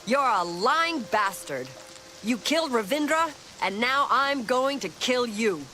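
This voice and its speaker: Mazoga, a blunt orc knight. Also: female voice, fairly high pitch, animated, unhurried, sharp tone, soft background music. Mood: accusing. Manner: plain, simple, blunt speech. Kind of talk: video game voice acting.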